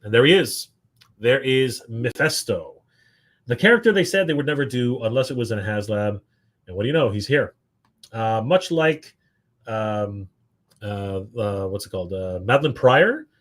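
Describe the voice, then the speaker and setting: A man hosting a live stream, rambling excitedly with lots of fillers and restarts. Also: mid-range voice, moderate pace. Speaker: toy show host. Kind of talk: casual live-stream commentary.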